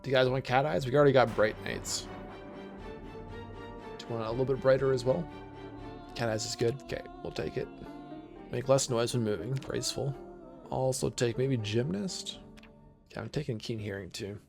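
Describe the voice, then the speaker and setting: A man's voice: mid-range voice, moderate pace, gravelly, long pauses, over music. A man streaming a video game, chatting casually with his viewers as he picks options. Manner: relaxed, chatty, talks to chat while picking options. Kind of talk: casual game livestream commentary.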